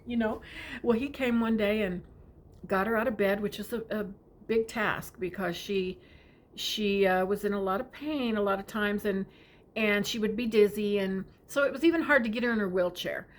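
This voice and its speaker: A middle-aged woman shares a family memory in a gentle, heartfelt way. Her voice often softens to a near whisper, and her pitch sits in an ordinary middle range. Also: normal speed, a little hiss or hum. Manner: tender, often drops to a whisper. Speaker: storyteller. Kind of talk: personal storytelling.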